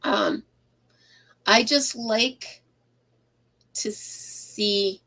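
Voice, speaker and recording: A slow-talking woman with a twang chats while she crochets live from her craft room at home. She rambles, laughs easily and stops to greet viewers by name, her voice sitting at an ordinary middle pitch. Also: pushed and bright. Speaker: crochet livestream host. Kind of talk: casual livestream chat while crocheting.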